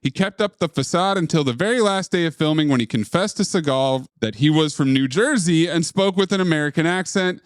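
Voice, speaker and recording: A man's voice: a little high, fairly quick, few pauses, no room sound. A man hosting a casual film podcast, reading trivia notes and chatting with friends. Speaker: podcast host.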